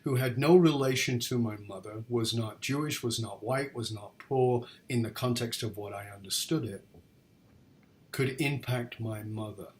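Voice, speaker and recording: A man's voice: medium pitch, moderate pace. Earnest man from northern England. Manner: earnest, animated storytelling. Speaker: podcast host. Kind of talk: interview chat.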